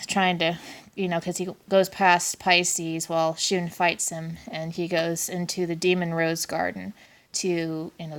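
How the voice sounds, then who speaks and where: A woman's voice: on the low side, a bit bright. A woman giving a casual, rambling plot recap as an anime reviewer, often correcting herself.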